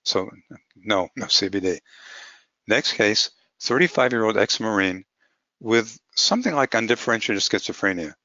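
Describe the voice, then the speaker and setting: In muffled, lo-fi webinar audio with a dry sound, a man lectures as a physician on cannabis medicine. With a lowish, sharp voice, lively intonation, and normal speed, he talks plainly through clinical cases one step at a time.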